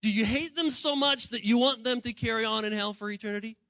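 Bright high-voiced male pastor preaching. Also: fast, gravelly, no room sound, rough recording. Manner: conversational preaching, acting out voices of people he quotes; swings between hushed and emphatic. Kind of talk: sermon.

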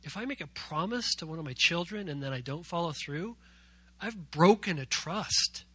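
Youth pastor, male, very bright, high voice; playful, jokey sermon delivery that keeps quizzing the room. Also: expressive, moderate pace, breathy edge, dry recording.

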